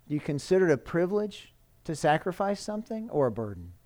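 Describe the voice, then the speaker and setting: A man's voice: a little high, big pitch swings, fast talker, darkish tone. A man preaching a sermon as pastor, earnest and pleading, lifting and dropping his voice for emphasis.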